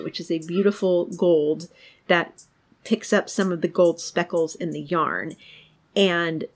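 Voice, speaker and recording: A middle-aged woman co-hosting a podcast in casual, chatty talk, given to frequent giggles. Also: fairly low pitch. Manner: giggly, chatty, laughs often. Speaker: podcast co-host. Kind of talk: casual chat.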